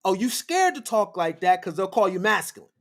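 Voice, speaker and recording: Male livestream host, preachy and fiery, lively swooping pitch, repeats lines for emphasis. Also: brisk.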